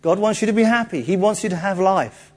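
A man preaching to a congregation in an animated, chatty way, cracking jokes as he goes. His voice sits a little high for a man. He acts out the people he quotes. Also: fairly quick. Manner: lively, jokey, conversational, acts out quotes. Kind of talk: sermon.

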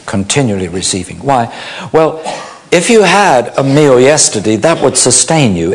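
A man preaching a sermon, slow and illustrative, acting out little mock quotes to make his point. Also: mid-range voice.

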